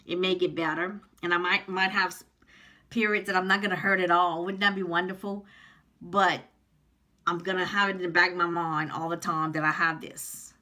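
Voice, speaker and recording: Woman, 50s, personal vlog, earnest, rambling with ums, slightly low, bright tone. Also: level tone, moderate pace. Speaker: vlogger. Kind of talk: personal vlog talking to camera.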